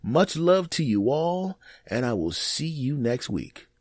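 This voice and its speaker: Man, podcast host, solo comedic monologue, animated storytelling, mid-pitched voice, dry close sound. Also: slow, no echo.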